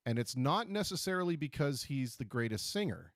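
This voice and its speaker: A man's voice: medium pitch, big pitch swings, fairly quick, dry recording, clean studio sound. A middle-aged man from Canada hosting a casual interview, talking chattily with frequent repeated words. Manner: chatty, stumbling repetitions. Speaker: interviewer host.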